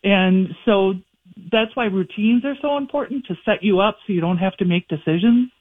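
A woman's voice: medium pitch, moderate pace. Friendly woman caller on a tinny phone line. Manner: friendly, explanatory. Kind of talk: phone call into a radio show.

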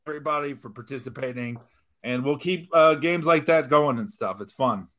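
A man's voice: medium pitch, moderate pace, a bit bright. A man co-hosting a comedy wrestling podcast, laid-back and joking, with some swearing. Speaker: podcast co-host. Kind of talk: casual comedy podcast chat.

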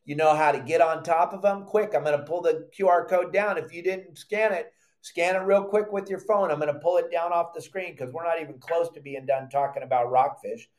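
An older man hosting a live fishing show, teaching in an animated, loud way with surfer slang. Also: a little high, a little fast, roomy sound. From Southern California.

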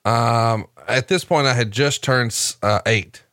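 A man's voice: mid-range voice, fairly bright tone, no echo, studio quality. A man in his forties from Alabama hosting a podcast, joking casually over old wrestling footage. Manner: joking, profane, quick asides. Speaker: podcast host.

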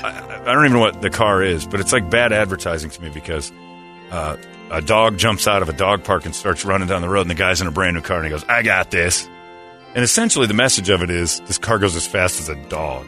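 A man hosting a morning rock radio show, telling stories in a blunt, animated way. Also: low voice, fast talker, soft background music. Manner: blunt, storytelling, animated retelling. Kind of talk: casual talk radio banter. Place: radio studio. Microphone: studio mic. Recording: dry close studio sound.

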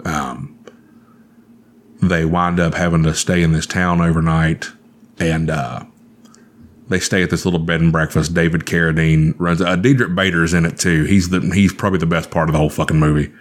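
Deep-voiced man telling stories casually. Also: moderate pace. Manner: profane, animated storyteller. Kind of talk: casual storytelling chat.

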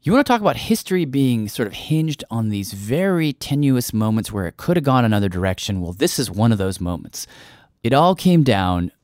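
A man's voice: mid-range voice, big pitch swings, brisk, darkish tone, dry recording, clean studio sound. A man hosting a radio documentary in a thoughtful, loose way, with ums and restarts. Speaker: podcast host.

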